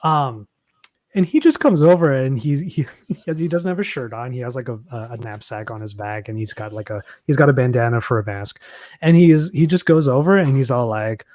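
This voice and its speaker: A man from the United States co-hosting a podcast, telling stories in an expressive way and laughing as he talks. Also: mid-range voice, a little fast, no room sound. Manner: storytelling, expressive, laughs while talking. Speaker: podcast co-host. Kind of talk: casual chat.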